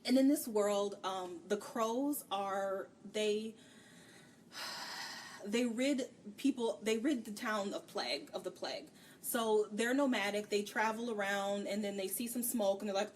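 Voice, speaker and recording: A woman co-hosting a book review podcast rants frankly about a novel in loose, casual chat, acting out characters' lines in quick bits. Her voice sits at an ordinary middle pitch. It is picked up by a distant mic with a faint hiss behind it.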